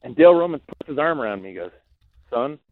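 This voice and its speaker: A man who founded a racehorse syndicate, telling a story in an interview, excited and rambling with many fillers and restarts. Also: a little high, very fast, dry recording. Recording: tinny phone line.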